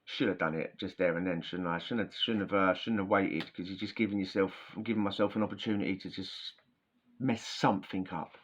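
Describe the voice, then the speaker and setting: A man's voice: deep voice, fairly even intonation, fairly quick. A man telling prison stories in a chatty, slangy, rambling way. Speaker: podcast host. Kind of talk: casual storytelling. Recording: dull lo-fi sound.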